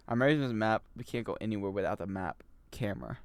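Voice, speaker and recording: A man chatting casually and joking with his chat while he plays a game on a livestream, swinging between loud outbursts and mumbled asides. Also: lowish voice, quick pace, clean tone, no echo. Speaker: game streamer.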